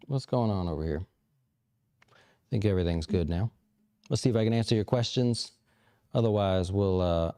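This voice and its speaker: A man hosting a casual livestream, answering viewer questions in a relaxed, rambling way with lots of fillers. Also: mid-range voice, clean tone. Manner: relaxed, rambling, thinks aloud with many fillers. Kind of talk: casual live chat about investing.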